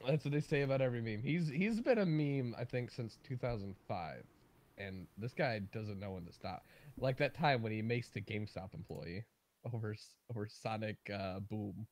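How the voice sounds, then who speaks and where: A man chatting casually on a livestream, telling stories with loud bursts of emphasis and laughter. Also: lowish voice, moderate pace.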